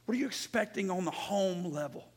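A man pastor preaching an emphatic sermon, repeating phrases and rising to shouts, in a church sanctuary. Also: sits high, lively intonation, a little fast. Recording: long church reverb.

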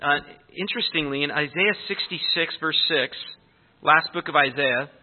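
At a normal speed and fairly high pitch, a Bible teacher delivers an earnest, explanatory verse-by-verse sermon in a slightly raised voice. The narrow, thin sound resembles a phone-line transmission.

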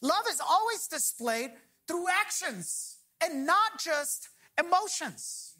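A woman pastor delivers a sermon in a high, ringing voice. She preaches emphatically and slows down to press home key phrases. She often leaves a line open for the congregation to complete. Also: very animated, sharp tone.

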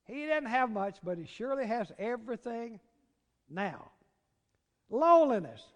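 A man with a Southern American accent preaching a sermon, dropping to hushed, drawn-out words and rising to loud, urgent cries. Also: very high voice, sing-song. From Southern United States. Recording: long reverb of a large hall.

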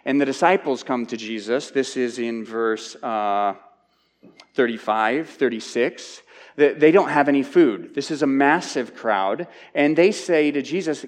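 A man's voice: mid-range voice, a little slow. Man preaching in a reverberant hall. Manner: conversational, repeats words when restarting. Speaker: Bible teacher. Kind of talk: expository sermon.

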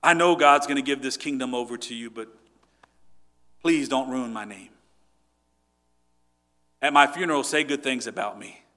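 A remorseful old king begging in a low, hushed voice for his good name to be spared, as a preacher acts him out in a sermon. He speaks well below the preacher's own pitch, soft and stammering. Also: normal speed, long pauses, big-room sound, natural voice. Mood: pleading. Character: remorseful self-serving old king, pleading. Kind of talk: acted scripture paraphrase in a sermon.

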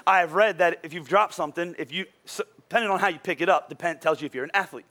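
A man preaching as a pastor, telling a funny personal story in a lively, self-deprecating way before giving sermon points. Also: sits high, fast. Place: church auditorium.

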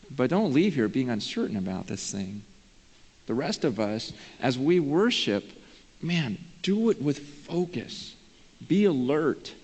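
A man's voice: mid-range voice, very animated, unhurried, a little mellow, breathy edge. Pastor, man, earnest conversational sermon delivery, long church-hall reverb. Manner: earnest, conversational preaching, often says "man". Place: church sanctuary.

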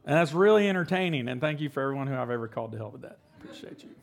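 A man's voice: medium pitch, expressive, racing, vocal fry. A man in his forties giving a casual, joking sermon as pastor, often checking in with the congregation. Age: 40s. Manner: conversational, joking, asks "right?" often.

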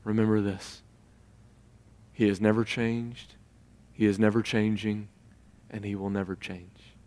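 A man preaching a sermon in a church, rising to loud, emphatic passages and acting out the people he quotes. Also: level tone, a little slow. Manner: builds to loud, high-pitched emphatic preaching; acts out quoted voices mid-sermon. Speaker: pastor. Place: church sanctuary. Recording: long reverb of a large hall.

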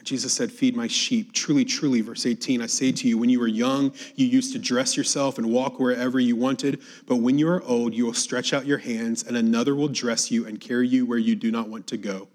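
Male preacher, mid-pitched voice, moves between emphatic scripture reading and hushed reflection. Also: steady tone, brisk, few pauses. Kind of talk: sermon reading and expounding scripture.

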